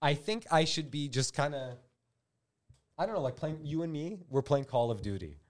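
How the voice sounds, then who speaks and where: A man's voice: fairly high pitch, normal speed. A man co-hosting a comedy podcast, joking around in casual chat. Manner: animated, jokey, drops into mocking impressions. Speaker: podcast co-host.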